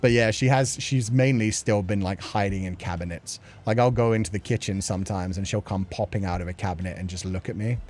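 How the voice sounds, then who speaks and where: A man's voice: fairly low pitch, fairly quick, few pauses, a little mellow. A man hosting a casual livestream chat show, rambling with lots of filler words and laughing often as he reads viewer messages.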